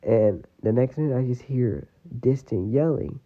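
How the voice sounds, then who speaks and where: A man's voice: mid-range voice, animated, a little slow. A man telling a personal story in a casual, rambling way, full of fillers. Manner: rambling, full of "you know" and "like". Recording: tinny phone-like audio.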